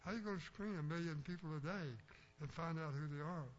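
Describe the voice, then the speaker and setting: A man's voice: fairly high pitch, fairly quick. Older man, plainspoken preacher telling homespun anecdotes; muffled lo-fi sound. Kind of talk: folksy storytelling sermon. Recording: dull lo-fi recording with faint hum.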